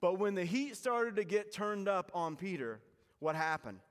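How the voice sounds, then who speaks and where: Brief: male pastor, slightly high voice, dramatic sermon delivery, long church reverb. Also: lively intonation, moderate pace. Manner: dramatic, varying loud emphasis and soft hushed lines.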